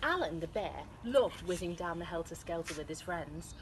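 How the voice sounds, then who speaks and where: A British woman, an infant school teacher, reading a picture book aloud to children in a slow, expressive read-aloud manner. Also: lowish voice, noisy background. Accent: British English.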